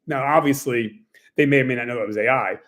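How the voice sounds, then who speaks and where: A man in a mid-range voice talks casually to camera about running a small business. He rambles and leans on fillers, often slipping into quick acted-out quotes of what people say. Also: medium pitch, fairly bright tone. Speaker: small business owner and tennis coach.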